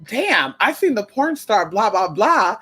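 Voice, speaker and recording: A woman's voice: mid-range voice, sing-song, a little slow, a bit bright, breathy edge, heavily acted. A woman mimicking a whiny cheapskate man. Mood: complaining. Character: nervous cheapskate male client.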